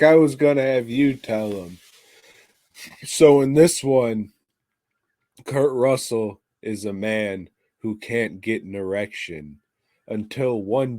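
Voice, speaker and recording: A man's voice: on the low side, a little mellow, dry recording. A man co-hosting a podcast, reviewing a movie in casual chat with crude, sarcastic, swear-heavy remarks. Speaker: podcast co-host. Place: podcast studio.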